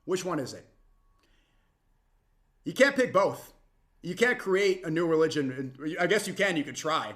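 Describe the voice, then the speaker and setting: A young man reacting to a clip with heated, mocking commentary that swings suddenly loud. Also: a little high, animated, measured pace, pauses often.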